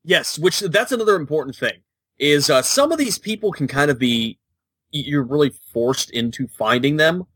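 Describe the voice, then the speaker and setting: A deadpan man co-hosts a podcast in relaxed casual chat, grumbling dryly. His voice is bright and a bit husky, and it sounds close and dry with no room around it. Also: fairly high pitch, moderate pace, no room sound. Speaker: podcast co-host.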